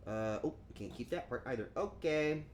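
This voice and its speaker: A man's voice: mid-range voice, sing-song, moderate pace, a little hiss or hum. A man chatting casually on a cooking stream, joking and rambling, and acting out quotes in goofy voices.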